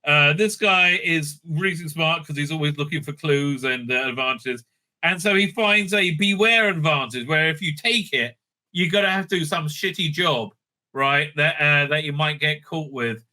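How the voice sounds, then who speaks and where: A man rambles through a reality show recap, crude, mocking and full of fillers. His voice sits a little high and sounds very bright and sharp. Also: moderate pace. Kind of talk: casual recap commentary. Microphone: streaming setup mic.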